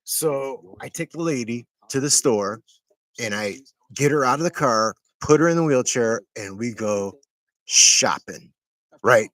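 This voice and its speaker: A man's voice: medium pitch, lively intonation, a little slow, dry recording. A middle-aged man telling a long personal story in a casual, earnest, rambling way, full of fillers and tag questions. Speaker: medical transport driver. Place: at home.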